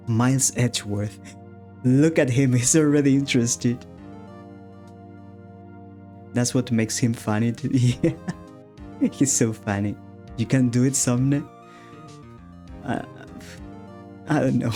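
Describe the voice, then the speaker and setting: A man's voice: mid-range voice, steady tone, slow, pauses often, dark tone, soft background music. A man chatting casually while streaming a game, laughing often and restarting his sentences.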